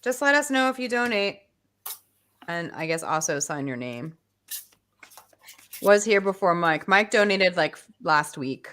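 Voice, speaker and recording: A woman's voice: fairly low pitch, lively intonation, unhurried, pauses often, fairly bright tone. A woman co-hosting a livestream, chatty and playful as she thanks viewers on a video call. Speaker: co-host. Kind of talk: casual livestream chat.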